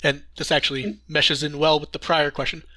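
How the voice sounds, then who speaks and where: A man's voice: fairly high pitch, level tone, a little fast, pushed and bright, no echo. A man hosting a podcast, chatty and giggly while putting listener questions to his guest. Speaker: podcast host. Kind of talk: casual interview chat.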